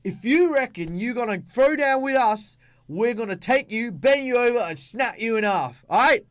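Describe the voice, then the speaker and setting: A man voicing a rough, uneducated male barbarian street boxer in broken grammar, with an Australian accent. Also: very high-pitched, expressive, moderate pace, no room sound, studio quality, voice pushed up. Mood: menacing. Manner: broken grammar, loud threatening bluster.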